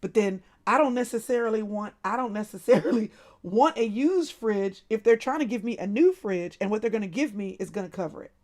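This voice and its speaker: A woman's voice: mid-range voice, lively intonation, a little fast, few pauses, darkish tone. A woman hosting a casual livestream, laughing often and calling her viewers by name. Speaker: livestream host.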